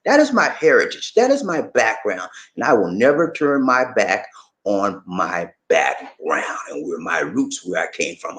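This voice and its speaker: A man from Charleston, South Carolina, hosting his channel and talking casually to viewers. He is animated and repetitive, and often checks in with his listeners. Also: mid-range voice. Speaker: channel host. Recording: roomy echo.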